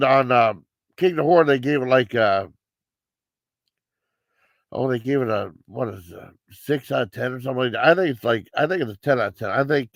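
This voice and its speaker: A man's voice: mid-range voice, vocal fry, no echo. A man giving a casual live movie review, rambling with many fillers and restarts.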